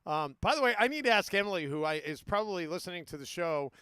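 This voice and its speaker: A man's voice: sits high, animated, fast talker, bright, forceful tone, clean tone, no echo. A man hosting a sports talk radio show in casual chat, rambling and restarting his sentences. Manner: rambling, self-interrupting, many restarts.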